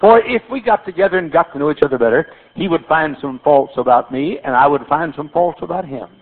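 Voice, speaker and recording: A man's voice: on the high side, expressive, brisk, husky. An older man preaching a sermon as pastor, telling folksy stories with repeated phrases and stammered restarts. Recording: tinny phone-like sermon recording.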